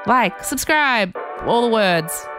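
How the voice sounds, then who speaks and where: A woman co-hosting a podcast in casual chat, playful and quick to react to her co-host. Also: a little high, animated, over music.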